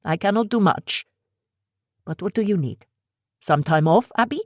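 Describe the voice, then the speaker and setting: A woman voicing a middle-aged male shop owner who speaks in quick bursts with a heavy accent and stilted phrasing, in an audiobook. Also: medium pitch, lively intonation, darkish tone, no room sound, clean studio sound, pitched above the performer's own voice, natural voice. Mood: brisk concern. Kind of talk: audiobook character voice.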